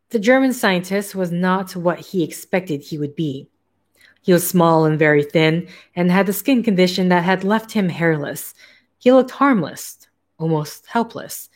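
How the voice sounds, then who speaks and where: A woman reading a novel aloud in a casual, steady way, now and then breaking off for offhand asides. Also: sits low, moderate pace. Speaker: narrator.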